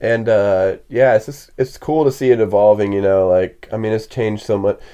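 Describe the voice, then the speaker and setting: A man's voice: on the low side, fairly even intonation, normal speed, mellow, clear, resonant tone. A young man who works on film sets, talking as a podcast guest in an easygoing, chatty way. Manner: easygoing, chatty, filler-heavy. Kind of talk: casual conversation.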